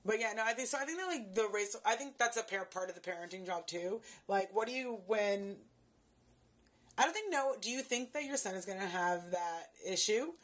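Playful woman from haiti, mid pitch, slangy chatty podcast talk. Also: expressive, a little fast, a bit bright. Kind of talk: casual chat.

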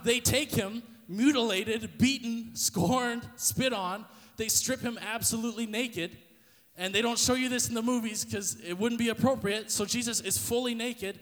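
A man's voice: extremely high pitch, a bit bright, big-room sound. A man preaching a sermon, retelling a story intensely and vividly, with repeated restarts.

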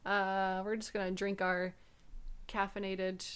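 A woman's voice: medium pitch, level tone, unhurried, a bit bright, clean tone. Chatty young woman co-host, casual swearing. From upstate New York. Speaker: podcast co-host. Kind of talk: casual chat.

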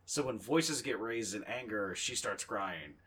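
A man's voice: lowish voice, lively intonation, measured pace, fairly bright tone, husky. A young man co-hosting a podcast in casual chat, telling rambling, profane, self-mocking stories. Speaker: podcast co-host.

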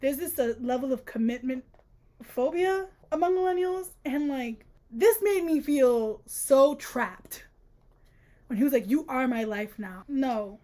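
This is a young woman with a high-pitched voice co-hosting a casual book-discussion podcast. She talks in an animated, sarcastic way and laughs often. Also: a little slow. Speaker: podcast co-host.

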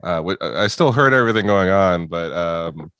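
A man's voice: low-pitched, expressive, moderate pace, fairly bright tone, smooth, dry recording. A man co-hosting a podcast, making wry, sarcastic quips about a movie. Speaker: podcast co-host. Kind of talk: casual film discussion.

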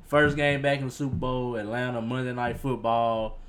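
Young man, casual sports podcast co-host, laid-back, mid-pitched voice, laughs a lot. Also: steady tone, moderate pace, fairly bright tone.

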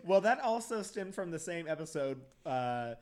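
A man co-hosting a podcast, reading an ad and chatting casually, animated, laughing often and swearing freely. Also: fairly high pitch, moderate pace, a loud crowd. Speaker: podcast co-host. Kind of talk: casual podcast chat and read ad.

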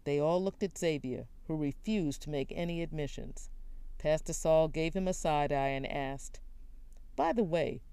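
A woman narrating an audiobook in an even, clear storytelling manner. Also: deep voice, moderate pace, no room sound.

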